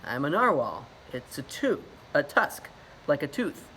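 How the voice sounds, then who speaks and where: Male reader doing a young narwhal, self-pitying and sulky, whiny tone, bright storybook read. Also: on the high side, sing-song, measured pace, slightly rough, heavily acted. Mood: timid.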